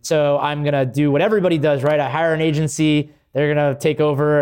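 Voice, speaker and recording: A man who founded a coffee company, a podcast guest chatting casually, excitable and swearing freely. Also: fairly high pitch, fast talker, clear, resonant tone.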